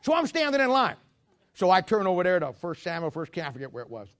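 A man's voice: sits high, sing-song, fast, fairly bright tone. A man pastor preaching a sermon as a rambling, joking storyteller who walks about while he preaches.

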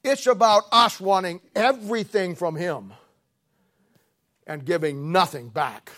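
A man preaching a sermon with a blunt, scolding, plain-spoken manner, swinging from quiet murmurs to loud emphatic peaks. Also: sits high, measured pace.

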